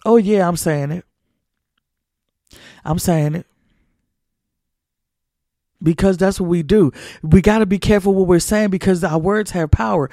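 High-pitched and warm, this podcast host speaks unhurriedly with long pauses, exhorting his audience in a preachy motivational talk. His phrasing is repetitive and folksy, like a Southern church, and the studio recording has no room sound.

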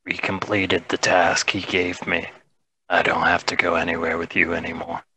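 A man at a tabletop game with a very low, husky voice and a bright edge. He argues stubbornly in character. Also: completely flat delivery, normal speed, rough recording. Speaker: player. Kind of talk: tabletop role-play banter.

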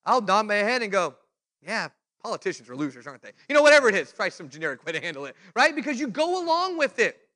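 A man's voice: high-pitched, quick pace. A male preacher giving a sermon, telling stories and acting out the people in them. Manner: animated storytelling, acts out quoted voices.

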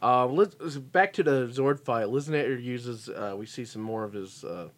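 A man's voice: medium pitch, normal speed, a crowd in the background. A man co-hosting a casual chat about a TV show, laughing often and restarting his sentences. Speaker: podcast co-host.

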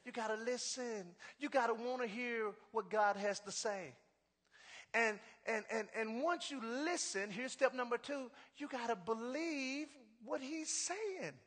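A man preaching a sermon as pastor, his voice pitched very high and bright. He drives his points home with repeated refrains, rising into emphatic shouts. The sound rings with the long reverb of a large hall.

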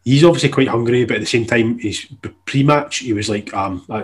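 A man's voice: mid-range voice, a little fast, hardly any pauses. A young man, chatting casually and swearing now and then on a podcast. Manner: laid-back, swears casually. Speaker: podcast co-host. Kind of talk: casual chat.

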